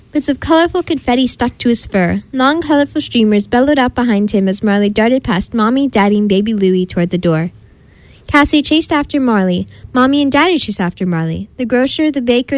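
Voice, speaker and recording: A woman's voice: on the high side, dry recording. Woman reading a children's story aloud. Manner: lively, expressive read-aloud. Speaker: narrator.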